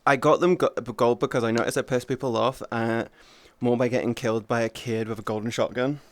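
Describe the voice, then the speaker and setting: A VTuber streamer chatting casually with chat, rambling and swearing a lot, with sudden jumps to a high, excited pitch in stories. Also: a little fast, dry recording.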